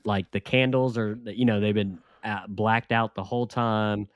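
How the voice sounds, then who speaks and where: A young man co-hosting a casual chat, rambling and animated, with lots of fillers. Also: fairly low pitch, moderate pace, clear, resonant tone, no room sound. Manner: rambling, animated, full of fillers and quoted asides. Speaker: podcast co-host.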